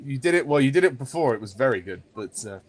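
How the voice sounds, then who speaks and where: Playful young man, animated voice. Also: medium pitch, fast talker. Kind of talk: casual chat.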